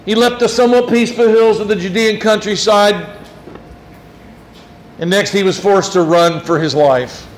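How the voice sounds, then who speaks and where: A preacher with a fairly high voice delivers an animated sermon. He acts out quotes and keeps checking in with the crowd. His voice echoes around a roomy hall over faint room noise. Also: normal speed.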